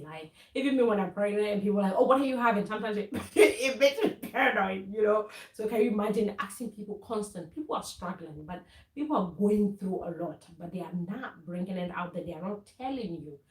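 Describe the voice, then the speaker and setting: A woman vlogger from Ghana talks earnestly to her viewers, preaching a little and often laughing, and she restarts her sentences a lot. Her voice sits at a middle pitch. The room around her is bare and echoey. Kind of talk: casual faith-based vlog talk.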